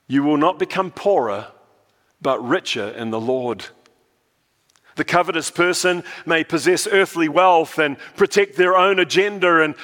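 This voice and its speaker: A man's voice: sits high, a bit bright, big-room sound. A male pastor from New Zealand preaching a sermon, telling stories and often repeating words as he restarts a phrase.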